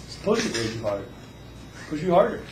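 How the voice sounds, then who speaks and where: Animated male teacher in echoey classroom. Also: on the high side, fairly quick, far from the mic. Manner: animated storyteller, acts out voices. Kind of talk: classroom lecture. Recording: echoey classroom with faint noise.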